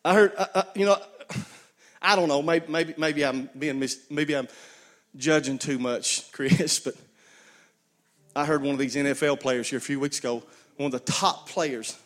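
A man's voice: fairly high pitch, normal speed, fairly bright tone. A man preaching a sermon, folksy storytelling with call-and-response to his congregation. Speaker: pastor.

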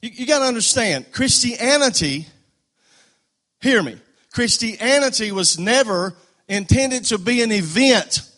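A male pastor preaching a fervent sermon, stumbling over repeated words and building to loud declarations. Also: very high voice, lively intonation, unhurried. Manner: fervent, repetitive stammering restarts, rising to loud declarations.

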